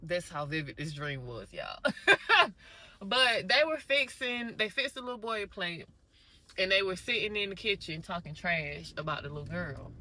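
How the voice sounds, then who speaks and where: A woman vlogger casually telling a story straight to her viewers, animated and conversational. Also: lowish voice, moderate pace, rough recording.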